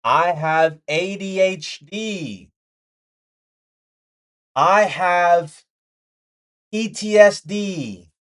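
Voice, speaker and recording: Candid trading vlogger, mid-pitched voice. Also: extremely slow, long pauses. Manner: candid, repeats points for emphasis; jokey asides, mimes chart as it draws. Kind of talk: casual motivational talk while sketching.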